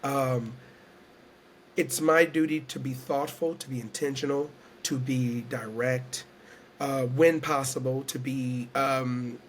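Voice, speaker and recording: With a steady, mid-range voice and slow delivery, a storyteller and entertainer from Houston, Texas, talks as an interview guest; a slight hiss or hum is audible. He is earnest and searching, emotional to the point of near tears, and returns to the same phrases again and again.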